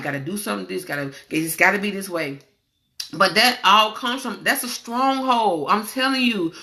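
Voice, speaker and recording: Candid woman, gravelly bright voice. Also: medium pitch. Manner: candid, preachy, drawls and repeats. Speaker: host. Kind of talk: casual inspirational talk.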